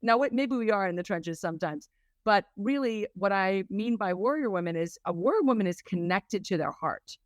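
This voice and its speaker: Animated woman coach on a podcast. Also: mid-range voice, normal speed, dry recording. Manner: lively and animated, acts out quotes in raised voices. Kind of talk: conversational interview.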